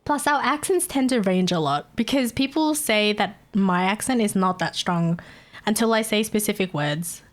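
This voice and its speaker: A woman's voice: mid-range voice, normal speed. An Australian woman chatting casually on a live stream, giggling constantly and swearing freely. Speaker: livestreamer.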